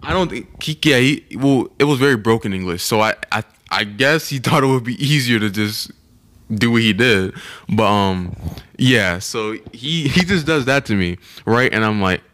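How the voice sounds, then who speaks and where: A man's voice: medium pitch, animated, moderate pace, a bit bright, no echo. A young man co-hosting a casual podcast, telling a travel story in a laid-back, rambling way with frequent laughs. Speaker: podcast co-host.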